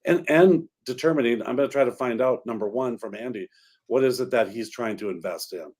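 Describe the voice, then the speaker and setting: A man who is a realtor and radio co-host, chatting casually in a studio and working through long, halting explanations. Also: medium pitch, darkish tone.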